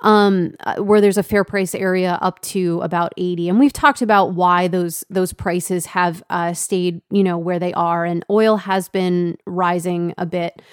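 A woman's voice: lowish voice, little pitch movement, unhurried, hardly any pauses, clear, resonant tone, no echo, studio quality. A woman co-hosting a casual market talk show, conversational and laughing easily, with lots of fillers. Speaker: co-host.

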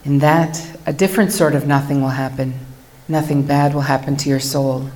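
Woman w a low voice telling her story to a crowd, earnest, slow n reflective. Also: fairly even intonation, a little mellow. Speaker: speaker giving a personal testimony. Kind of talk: personal testimony talk to an audience.

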